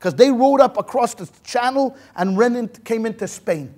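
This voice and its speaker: A rabbi giving a history lecture as a lively storyteller, acting out quotes and dropping Yiddish words. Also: male voice, very high-pitched, normal speed. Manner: animated storyteller acting out quotes, many restarts. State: sweating in a hot room.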